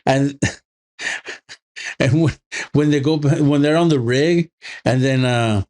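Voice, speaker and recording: A man's voice: mid-range voice, takes it slowly, darkish tone. A man co-hosting a podcast, chiming in laid-back and agreeing during a casual movie review, swearing freely. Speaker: podcast co-host.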